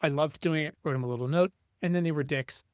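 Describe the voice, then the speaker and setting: A middle-aged man in casual podcast chat, ranting and swearing as he mimics his family. His voice sits a bit high, and the sound is dry and close. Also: fast talker, clean tone, no echo. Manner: ranting, profane, acts out family members' voices. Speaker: podcast co-host.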